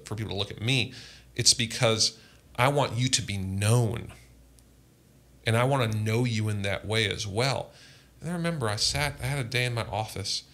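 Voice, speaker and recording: A man's voice: lowish voice, bright, forceful tone. A man, a pastor, telling earnest personal testimony in a podcast conversation. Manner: earnest, impassioned storytelling.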